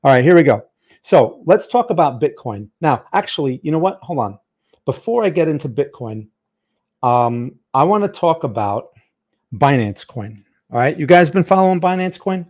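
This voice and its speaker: A man's voice: fairly high pitch, very animated, normal speed, darkish tone. A man with a New Jersey accent hosting a live-stream trading lesson, chatty and talking straight to his chat viewers. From Northern New Jersey, USA.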